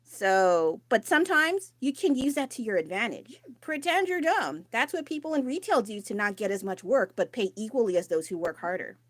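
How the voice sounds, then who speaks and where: Loud, candid woman chatting on a phone. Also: medium pitch, very animated, fairly quick, few pauses, no echo. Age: adult. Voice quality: loud, raised voice. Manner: candid, rambling, swears casually. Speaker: streamer. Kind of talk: casual live-stream chat. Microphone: phone mic.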